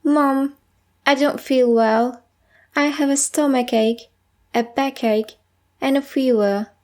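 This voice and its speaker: A woman's voice: high voice, steady tone, slow pace, darkish tone. A woman voicing a sick young boy who sounds plaintive and a bit whiny.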